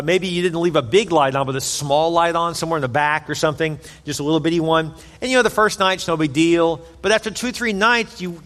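A man's voice: fairly high pitch, a bit bright, big-room sound. A man preaching a sermon in an earnest, conversational way, repeating phrases for emphasis. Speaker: pastor.

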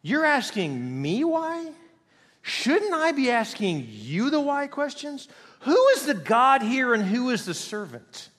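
A stern, challenging God, as a male preacher puts him on, questioning mortals in a forceful, raised voice. The delivery sits much higher than the man's usual pitch. A long hall reverb trails every word. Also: sing-song, takes it slowly, exaggerated voice.

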